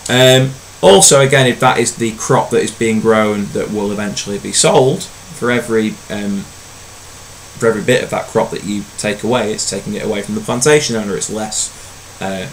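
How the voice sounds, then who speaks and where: A man teaching a recorded history lesson in a relaxed, conversational way, with frequent ums and uhs. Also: fairly low pitch, normal speed, a little hiss or hum, low-quality recording.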